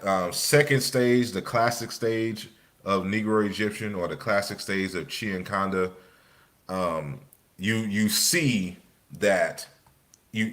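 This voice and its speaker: A man's voice: low voice, fairly bright tone. A man with a casual way of speaking, lecturing over slides in a loose, conversational manner full of restarts.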